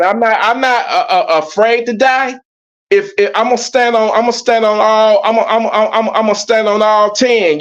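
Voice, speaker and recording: A man with a notably high voice, speaking as a podcast guest in blunt, emphatic, profanity-laced bursts. His audio comes through dull and lo-fi. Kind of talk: casual podcast conversation.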